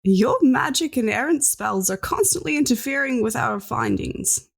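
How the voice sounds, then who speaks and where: A woman's voice: on the high side, expressive, moderate pace, creaky, slightly rough, voice pushed up, exaggerated voice. A woman voicing a skinny older male scientist who is indignant and snide. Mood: scornful. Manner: snide, scolding.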